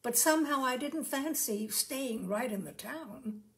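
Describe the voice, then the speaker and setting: A woman's voice: high-pitched, expressive, a little slow, a bit bright, heavily acted. A woman voicing a shy, polite young man who travels as a showman, speaking in rustic, folksy turns of phrase.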